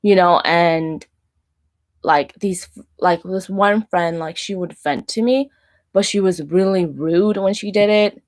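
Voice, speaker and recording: Woman in her 30s rambling thru a personal story, lots of "like", kinda low voice. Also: slow pace, a little mellow. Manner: rambling, filler-heavy with frequent "like" and restarts. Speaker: Christian minister and vlogger.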